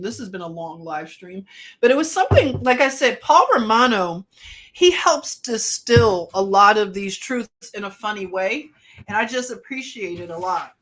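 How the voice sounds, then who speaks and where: A woman hosting a live stream, talking slowly and musing through casual commentary with frequent restarts. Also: medium pitch, a bit bright.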